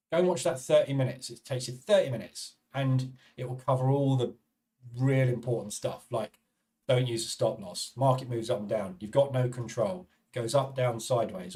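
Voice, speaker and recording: A man's voice: mid-range voice, a little mellow, distant mic. A man hosting a live trading stream, chatting casually and thinking aloud about the markets as he reads replies to viewers.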